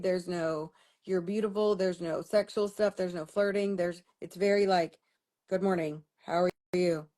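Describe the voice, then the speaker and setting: On a livestream, a young woman vlogger tells a personal story, venting candidly and with clear exasperation while swearing freely. Her voice sits in the mid-range with a somewhat dark tone.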